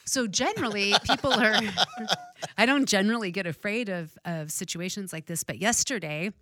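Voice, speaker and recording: A middle-aged woman chatting casually, telling a lively story, acting out the voices of the people in it and laughing often. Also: mid-range voice, moderate pace, dry recording. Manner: animated storyteller, acts out dialogue, laughs often. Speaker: real estate investor.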